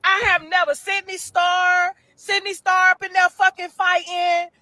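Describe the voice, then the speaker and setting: A woman telling a story in a loud, profane, laughing way, acting out what others said. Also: very high voice, little pitch movement, measured pace, no echo. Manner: loud, profane, laughing often, acts out quotes. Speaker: reunion show host recounting a fight. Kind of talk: casual storytelling.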